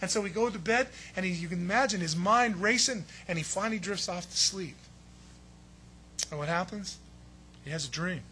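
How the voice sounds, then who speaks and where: A man preaching a sermon as pastor, telling the story with lively acted-out quotes. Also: high-pitched, moderate pace, long pauses, slight background noise. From United States. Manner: animated storytelling, acts out quoted voices.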